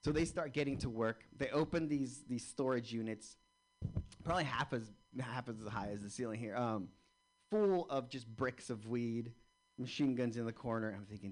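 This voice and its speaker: Stand-up comic, male, animated storyteller on a club stage mic, mid pitch. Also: normal speed. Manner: animated storyteller, acts out dialogue. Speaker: stand-up comedian.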